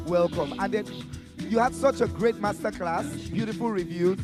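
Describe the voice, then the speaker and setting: Loud music plays behind this Nigerian-accented event host as he emcees a lively expo panel at normal speed, his high-pitched voice filling a big room. He teases the guests and hypes them up with a playful sing-song delivery.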